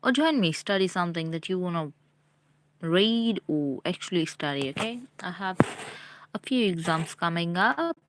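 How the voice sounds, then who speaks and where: A woman's voice: fairly low pitch, expressive, normal speed, slight background noise. A young woman from India chatting casually with viewers on her live stream. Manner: chatty, talks straight to viewers.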